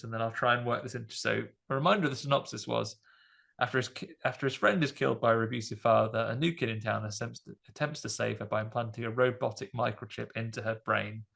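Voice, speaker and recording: Gravelly-voiced man rambling about a film. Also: medium pitch, a little fast. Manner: rambling, animated retelling with fillers. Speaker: podcast host. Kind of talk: casual film review chat.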